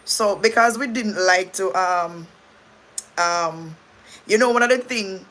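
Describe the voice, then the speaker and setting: A woman's voice: mid-range voice, slow, fairly bright tone. A middle-aged Jamaican woman hosting a casual livestream chat, rambling, restarting sentences and thanking viewers. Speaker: livestream host.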